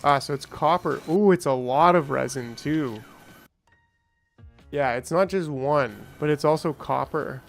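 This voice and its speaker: Gravelly guy a bit high-pitched doing let's play commentary, thinking out loud, faint music behind. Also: measured pace. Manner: thinks aloud, chatty with restarts and small exclamations. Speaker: gaming channel host.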